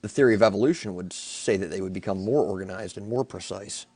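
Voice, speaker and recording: A man in a debate, laying out his argument in a steady, lecturing way. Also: low voice, fast. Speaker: debate participant. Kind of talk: reciting arguments.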